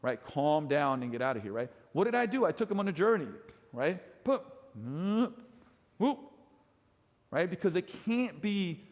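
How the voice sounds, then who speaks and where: Emphatic middle-aged male fitness coach, fairly high voice, long hall reverb. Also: big pitch swings, unhurried. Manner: emphatic, swings pitch and loudness for effect, keeps asking "right?". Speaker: fitness coach teaching trainers. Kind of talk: energetic coaching lecture.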